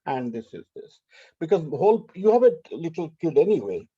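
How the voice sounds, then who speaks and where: A man's voice: a little high, sing-song, brisk, slightly rough, no room sound, narrow, tinny audio. A man organizing a festival rehearsal, talking casually and rambling, often asking "you know what I mean", over a video call.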